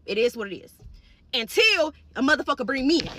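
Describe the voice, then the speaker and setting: A woman's voice: sits high, big pitch swings, fairly quick, a bit bright, slight background noise. A young woman hairstylist telling a casual storytime straight to her viewers, blunt and profane.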